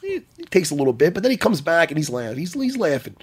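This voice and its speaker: Husky excitable man telling a story. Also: on the high side, fast. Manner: excitable, swearing, laughing through stories. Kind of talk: animated storytelling.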